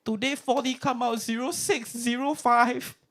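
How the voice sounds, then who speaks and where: A man voicing a fretful older godmother, speaking Singaporean English in a shrill, wailing way. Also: fairly even intonation, normal speed, a bit bright. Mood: lamenting.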